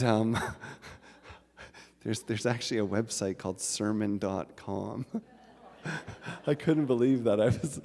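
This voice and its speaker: A man giving a sermon at a spiritual center, measured and reflective, telling a folk tale. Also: on the low side, gravelly, a little mellow. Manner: slow, measured, reflective delivery. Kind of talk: sermon with storytelling. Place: large hall of a spiritual center. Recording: live talk with long hall reverb.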